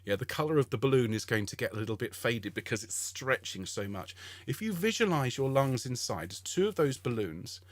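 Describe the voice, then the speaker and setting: Middle-aged male choir leader, patient and encouraging, close dry sound, mid pitch. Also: expressive, fairly quick, dry recording. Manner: encouraging, patient, explains step by step with frequent "okay?". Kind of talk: online singing warm-up lesson.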